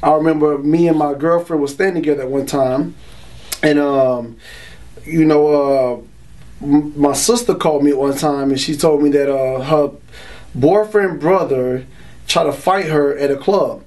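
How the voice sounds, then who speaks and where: A man's voice: fairly high pitch, fairly even intonation, unhurried, a little mellow. Man, casual and streetwise. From Florida, US. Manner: streetwise slang, frequent "you know" and "y'all". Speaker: man giving a religious testimony. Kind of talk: casual spoken testimony.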